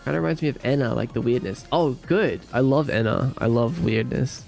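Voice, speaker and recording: A man's voice: medium pitch, fairly quick, creaky, darkish tone, faint music behind. A man streaming live, answering his chat in a casual, joking way.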